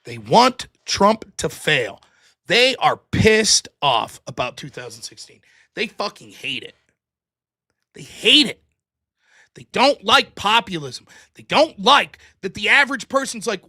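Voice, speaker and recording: A man's voice: high-pitched, sing-song, unhurried, pushed and bright. A man hosting a political show, ranting with heated sarcasm and plenty of profanity to a live chat. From United States. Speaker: political talk show host. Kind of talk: livestream political rant.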